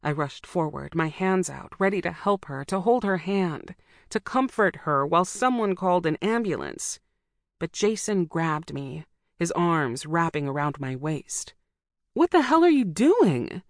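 A woman narrates a first-person audiobook with intensity and emotion. Her voice is low. The recording is dry and close. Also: unhurried, no echo.

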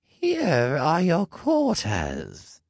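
An eerie, calm elven woman in a porcelain mask, as a male narrator puts her on, with a soft accent and a high, airy voice. She speaks very slowly and formally, each word measured and cool. The recording is close and dry. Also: no echo, full character voice. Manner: formal, unhurried, detached.

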